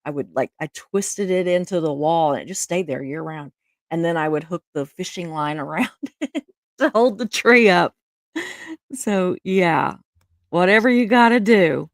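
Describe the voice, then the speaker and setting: A woman's voice: lowish voice, animated, normal speed, no room sound, studio quality. A middle-aged woman, hosting a casual livestream and reading viewer comments in a chatty, emotional way with frequent laughs. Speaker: live stream host reading viewer comments. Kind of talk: casual chat.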